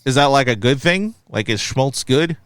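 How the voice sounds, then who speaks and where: A man's voice: mid-range voice, moderate pace, clear, resonant tone, no room sound. A man in his thirties, chatting casually as a co-host of a movie review podcast, reading a critic's review aloud and questioning it. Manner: animated, reads review aloud, quizzical.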